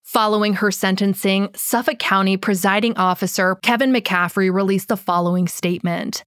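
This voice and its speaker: Bluntly and with plenty of swearing, a woman narrates her true crime podcast before an unscripted outro rant in which she says she's losing her voice. She speaks at medium pitch and normal speed, with fairly even intonation and a fairly bright tone, in clean studio sound without echo.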